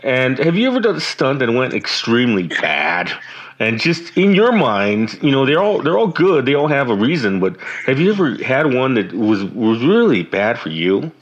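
A man's voice: medium pitch, big pitch swings, moderate pace. A man interviewing a guest in casual chat, asking questions and reacting often. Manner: encouraging, frequent short reactions. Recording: dull lo-fi sound.

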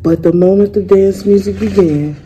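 A young woman, a student, reading a picture book aloud in a calm, measured way. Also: mid-range voice, noisy background. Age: young adult. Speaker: student reader.

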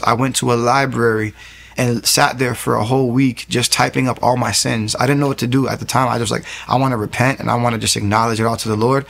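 A man's voice: medium pitch, creaky, fairly bright tone. A young man giving an earnest testimony in an interview, telling his story and acting out what people said to him. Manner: earnest, storytelling, acts out quoted dialogue. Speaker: interview guest.

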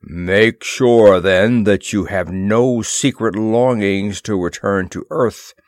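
A man puts on a heavy, commanding king of the moon who speaks in slow, weighty pronouncements. The voice sits low and swings widely, recorded dry and close. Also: big pitch swings, no echo, heavily acted. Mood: imperious. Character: booming imperious male moon king, grim.

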